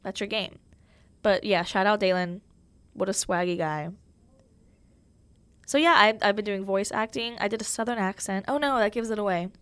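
A woman's voice: mid-range voice, fairly even intonation, moderate pace, long pauses, fairly bright tone, clear, resonant tone, no echo. A young woman hosting her own podcast in a casual, chatty way, full of fillers and self-mocking humor. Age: young adult. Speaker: podcast host. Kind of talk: casual solo podcast chat.

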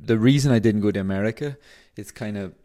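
A young adult man with a very low voice chats through a casual vlog monologue. He rambles and leans on fillers as he talks. He is recorded indoors in an apartment. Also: fast talker, dark tone, faint music behind. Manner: rambling, chatty, many fillers. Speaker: marathon runner.

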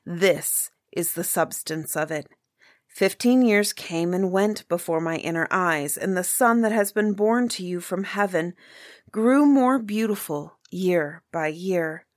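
Woman doing a humble old male seer, grave, slow, lowish, dry storybook reading. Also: dry recording.

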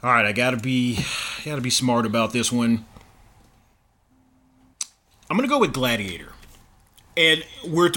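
A man's voice: mid-range voice, pushed and bright. A man co-hosting a podcast, talking casually and enthusiastically, often laughing. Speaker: co-host.

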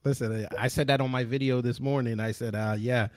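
A man's voice: medium pitch, steady tone, fast talker, a crowd in the background. A man hosting a podcast, brash and joking, with slangy casual banter. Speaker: podcast host.

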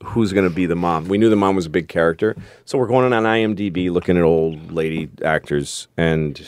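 A man who made the show talks in a loose, rambling way during a casual chat. His voice is very low. The sound is dry and close. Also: brisk, a little mellow, no echo.

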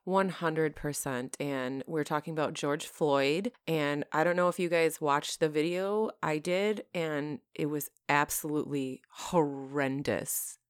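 A woman's voice: low-pitched, a little slow, few pauses, clean tone, dry recording, studio quality. A woman co-hosting a podcast in casual chat. She speaks bluntly and candidly. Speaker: podcast co-host.

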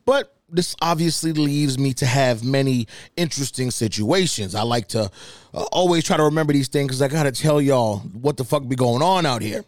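A young podcast host tells stories in a profane, animated, casual comedic style, his pitch jumping higher whenever he's outraged. He speaks at a moderate pace, and the studio-quality audio has no echo.

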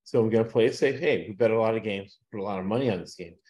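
Low-voiced man rambling about football picks. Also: rapid-fire, darkish tone. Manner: rambling, frequent "uh" fillers, laughs at own jokes. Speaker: sports betting podcast host. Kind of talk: casual chat with picks.

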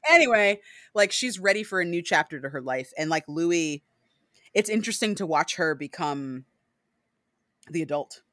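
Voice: expressive, moderate pace, long pauses, dry recording, studio quality. A podcast co-host in a casual book discussion who talks animatedly, swears freely, and fills sentences with "like" and "right?". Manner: acts out characters with sudden high, loud voices.

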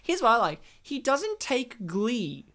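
Jokey man with a smooth clear voice. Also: very high voice, huge pitch swings, slow, pushed and bright. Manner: jokey, spins absurd made-up stories; laughs often while talking. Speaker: podcast co-host reviewing films. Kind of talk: casual chat.

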